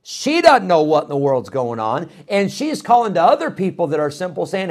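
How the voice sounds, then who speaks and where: A middle-aged man preaching a sermon in a folksy, animated way, with frequent fillers and restarts. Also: high voice, normal speed, few pauses.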